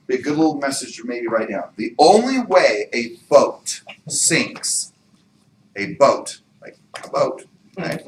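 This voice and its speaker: Motivational male sales coach, slightly high, bright-toned, punchy and emphatic, echoey meeting room. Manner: energetic and emphatic, with rhetorical questions. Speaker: real estate sales trainer. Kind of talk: motivational training talk.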